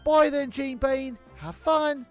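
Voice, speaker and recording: A man voicing a plucky, bossy street girl, brash and commanding in a high, loud voice. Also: fairly even intonation, slow, soft background music.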